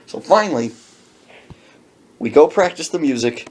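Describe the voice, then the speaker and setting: A woman's voice: rumbling low, normal speed. A woman hosting a podcast, telling a funny story and acting out every character. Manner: animated, acts out every character. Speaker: podcast host. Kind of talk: comedic storytelling.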